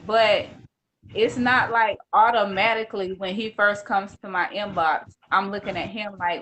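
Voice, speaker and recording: A woman's voice: mid-range voice, unhurried, slight background noise. A woman co-hosting a relationship talk show, speaking earnestly and animatedly, often quoting her own thoughts. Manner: earnest, animated, quotes herself. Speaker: podcast co-host. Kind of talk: casual conversation.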